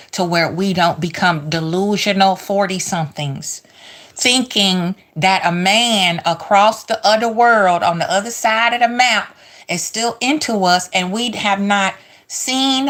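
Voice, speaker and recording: Sassy woman co-hosting, slow drawn-out talk, really emphatic. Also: medium pitch, fairly bright tone. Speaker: co-host. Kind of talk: casual chat.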